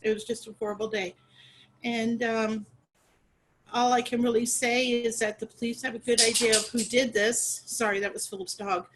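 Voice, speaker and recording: A middle-aged woman speaks as an interview guest. She talks earnestly and haltingly, often restarting with fillers. Her voice sits a little on the high side. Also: flat delivery, a little hiss or hum, low-quality recording. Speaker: guest, sister of a murder victim.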